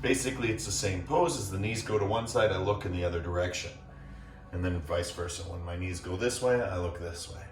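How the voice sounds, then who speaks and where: A man teaching a gentle yoga class, guiding calmly as he demonstrates the poses and checking in with the class as he goes. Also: low-pitched, a little fast, distant mic, soft background music. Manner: calm, demonstrating as he talks, checks in with "right?". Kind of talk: guided yoga class instruction. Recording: echoey room, voice off-mic.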